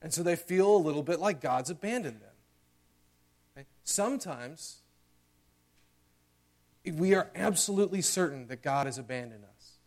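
A young man preaching a sermon in a slightly high voice. He talks in a conversational, earnest way, often checking in with the congregation, and reads scripture with dramatic force. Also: expressive, moderate pace, long pauses, a little mellow. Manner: conversational, earnest, with frequent "okay?" and "right?"; dramatic readings of scripture and mock prayers.

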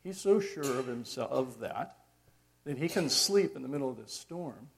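A middle-aged man preaching a sermon in a reflective, conversational way, pausing often with fillers. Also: mid-range voice, expressive, gravelly, a little hiss or hum.

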